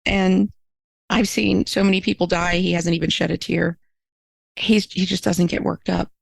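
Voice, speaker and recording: A woman guest on an interview podcast recounts a personal story with earnest feeling, her voice lifting high when she is moved. Her tone carries a gravelly fry. The sound is close and dry with no room around it. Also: flat delivery, moderate pace, no echo, poor audio. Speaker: minister and writer, podcast guest.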